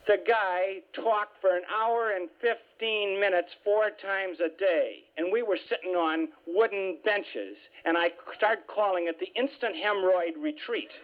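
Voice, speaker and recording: A man giving a humorous spiritual talk, telling stories lively with self-mocking asides. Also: high-pitched, a little slow, few pauses. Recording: tinny phone-like radio sound.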